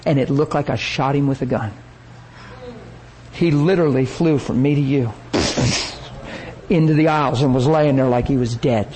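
A man preaching a sermon, telling a story with lively energy and acting out the people he quotes. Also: medium pitch, moderate pace, pauses often, noisy background.

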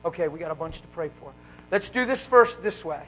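A man preaching a live sermon in a church, wearing a mic, fervent and swinging between loud exclaiming and hushed talk. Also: fairly high pitch, animated, fairly quick, poor audio. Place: church service.

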